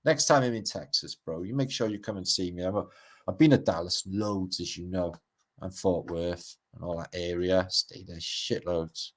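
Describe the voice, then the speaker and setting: A middle-aged Welsh man hosts a casual livestream in a fairly low voice, calling out viewers by name. He rambles from one thought to the next and swears freely as he goes. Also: normal speed. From Wales. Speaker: livestream host. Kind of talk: casual livestream chat reading out comments.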